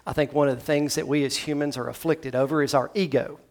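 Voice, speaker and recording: A man's voice: fairly even intonation, fast. A man from Tennessee preaching a sermon in a church, talking conversationally and acting out the scripture dialogue. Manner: conversational, dramatizes scripture dialogue with shifting pitch and loudness. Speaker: pastor. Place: church sanctuary.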